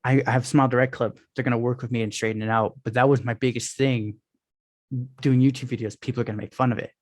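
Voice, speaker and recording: A man of middle pitch talks casually as a podcast guest. He rambles and restarts as he tells his stories. The sound is dry and close. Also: level tone, dry recording. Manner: rambling, storytelling, quick restarts. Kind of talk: casual interview chat. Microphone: video call on phone.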